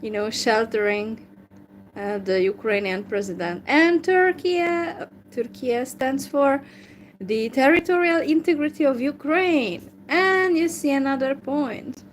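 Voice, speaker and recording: Lady, kinda high voice, slow umming casual chat. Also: low-quality recording. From Hungary. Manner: hesitant, many fillers and restarts. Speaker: language learner chatting with strangers.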